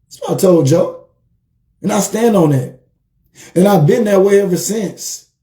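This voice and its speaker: A man with a very dark, mellow voice that sits slightly high for a man. He talks as a life coach on a livestream, telling animated stories and repeating key phrases for emphasis. The room gives his voice a roomy echo. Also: measured pace. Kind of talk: motivational livestream talk.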